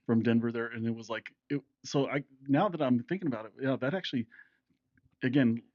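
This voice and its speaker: A man's voice: mid-range voice, fairly quick, no echo, dull audio. A man in his fifties co-hosting a casual podcast with his son, rambling through stories, laughing often and acting out quotes. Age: 50s. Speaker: podcast co-host, father. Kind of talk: casual chat.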